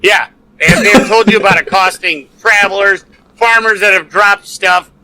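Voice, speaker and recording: A man's voice: high-pitched, fairly even intonation, moderate pace, crowd noise, low-quality recording. A man narrating a tabletop game as game master, loose and full of fillers.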